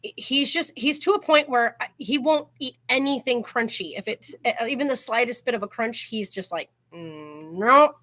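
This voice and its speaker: A woman's voice: a little high, a little fast, hardly any pauses, fairly bright tone. A woman hosting her own channel, telling stories in a casual chat and filling her sentences with "like". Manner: chatty storyteller, heavy use of "like", laughs while telling. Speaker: channel host.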